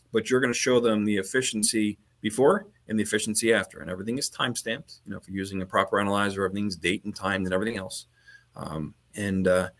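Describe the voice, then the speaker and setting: A man talks in a casual podcast chat, his voice low. He rambles and repeats words as he restarts his sentences, and the sound comes over a video call. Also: fairly bright tone. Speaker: guest HVAC trainer.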